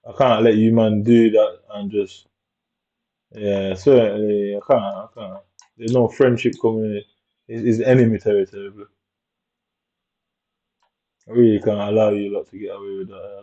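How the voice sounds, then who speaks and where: A man mutters and rants in heavy while commentating his own gameplay. His voice is mellow and dark, and he sounds aggrieved throughout. The recording is dull and lo-fi. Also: lowish voice.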